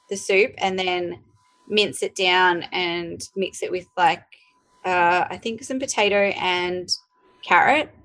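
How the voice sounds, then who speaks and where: A woman, a podcast guest, telling family stories in a relaxed chatty way with many fillers. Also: medium pitch. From Australia. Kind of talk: casual chat.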